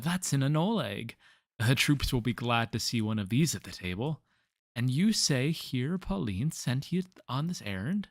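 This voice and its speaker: A man's voice: mid-range voice, no echo, lightly acted. A man reading a male soldier's lines aloud from a game, sounding surprised and pleased.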